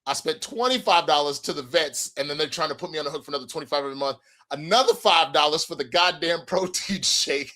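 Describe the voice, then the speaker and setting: A man's voice: on the high side, quick pace, bright, forceful tone. A young adult man casually telling a funny story, acting out the other people's lines and swearing freely. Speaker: podcast co-host.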